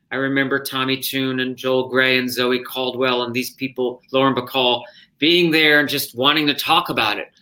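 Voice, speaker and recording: Male stage actor, interview guest, bright tone, animated storytelling, self-interrupting. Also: fairly high pitch.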